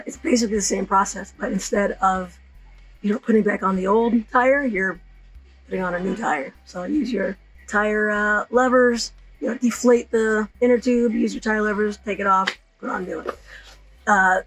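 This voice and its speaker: Hoarse chatty woman host. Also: mid-range voice, fairly bright tone, poor audio. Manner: chatty, rambling with fillers and self-corrections. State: hoarse, partly lost voice. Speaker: channel host. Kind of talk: casual how-to video.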